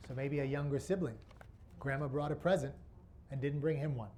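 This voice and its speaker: A man's voice: medium pitch, steady tone, brisk, a little mellow. A man presenting a workshop to an audience, asking rhetorical questions as he teaches. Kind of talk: interactive teaching talk.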